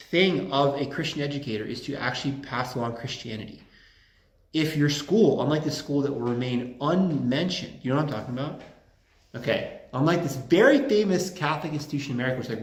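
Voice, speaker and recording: A man delivers a relaxed lecture to a small group at a campus center, joking freely and wandering into anecdotes. His mid-pitched voice carries a roomy echo from the space around him. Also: brisk. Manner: joking, rambling, fond of anecdotes. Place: room at a campus Catholic center.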